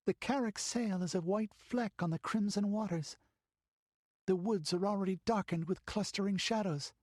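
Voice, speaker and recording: A man voicing a frightened young girl in an audiobook, with a high, shrill, whimpering voice. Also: normal speed, darkish tone, no echo, clean studio sound. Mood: hushed watchful.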